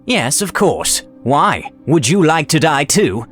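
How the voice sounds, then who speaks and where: A man's voice: fairly high pitch, very animated, slow, a bit bright, faint music behind, voice pushed up, heavily acted. A man playing a sneering villain wizard. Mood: menacing. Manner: sneering, gloating.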